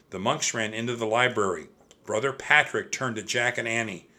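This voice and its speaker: Bright-toned man reading a storybook. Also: mid-range voice, moderate pace. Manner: expressive, steady reading. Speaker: narrator. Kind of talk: audiobook storytelling.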